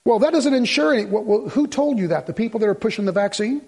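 A man's voice: very high voice, lively intonation, quick pace, creaky, darkish tone, slightly rough. A man preaching a sermon to a congregation in a folksy, rambling way with joking asides. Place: church in front of a congregation.

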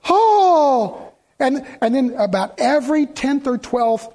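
High-pitched animated preacher man. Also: moderate pace. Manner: animated storyteller, mimics people he quotes; emphatic, repeats points for effect. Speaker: pastor. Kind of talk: sermon.

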